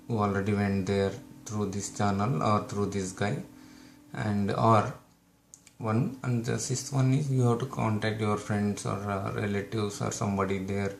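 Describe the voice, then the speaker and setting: A man's voice: fairly low pitch, gravelly, a little hiss or hum. A man from India with an Indian English accent, giving advice to his viewers in a hesitant way with many fillers and restarts. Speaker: YouTube channel host. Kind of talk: casual advice talk to camera.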